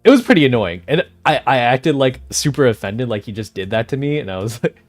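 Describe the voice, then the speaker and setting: A man with a mid-range, sing-song voice chats briskly with his livestream viewers over soft background music. He rambles, gets sidetracked easily, and laughs often.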